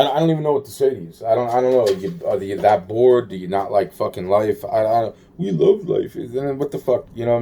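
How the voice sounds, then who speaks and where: A man's voice: mid-range voice, dark tone, slight background noise. A man rambling to camera in a profane, agitated monologue, repeating himself and trailing off.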